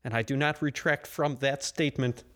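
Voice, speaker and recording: A man's voice: medium pitch, steady tone, moderate pace, fairly bright tone. A man hosting a solo podcast, rambling sarcastically and crudely while wired on caffeine. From United States. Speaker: podcast host.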